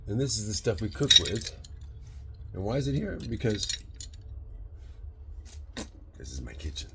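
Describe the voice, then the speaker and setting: A man's voice: on the low side, very animated, heavy background noise. A man in his sixties with a Michigan accent, chatting casually in his home kitchen while cooking, rambling into philosophical tangents and speeding up in bursts. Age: 60s. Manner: talks fast in bursts. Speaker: vlogger.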